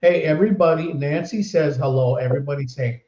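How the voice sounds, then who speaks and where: A man's voice: on the high side, a little fast, warm tone, reverberant, dull audio. A man hosting a live podcast in casual chat, upbeat and laughing easily as he reads viewer comments aloud. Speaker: podcast host.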